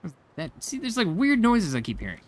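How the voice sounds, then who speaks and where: Male let's-play host, animated pitch, chatty reactions, faint music underneath. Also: a little fast. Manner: chatty, reacts aloud and laughs at the game. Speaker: gamer. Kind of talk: casual let's-play commentary.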